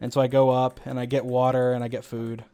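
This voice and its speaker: A man's voice: medium pitch, completely flat delivery, fast talker, warm tone, clean tone. A young man streaming, casually talking through his own gameplay with rambling restarts and frequent chuckles. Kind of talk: casual gaming commentary.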